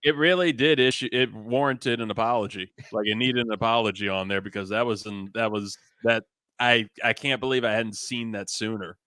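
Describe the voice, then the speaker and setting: A man's voice: lowish voice, steady tone, fairly quick, bright, forceful tone, smooth, no room sound, clean studio sound. A young man hosting a sports variety show, chatting casually in a rambling, self-amused way. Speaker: host.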